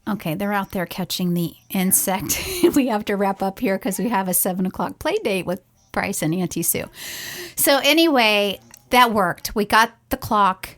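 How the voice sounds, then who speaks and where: A middle-aged woman talks through a family story in a relaxed, earnest podcast chat. Her pitch sits in an ordinary middle range, and she strings her thoughts along with casual fillers. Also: moderate pace. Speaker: podcast co-host, parent.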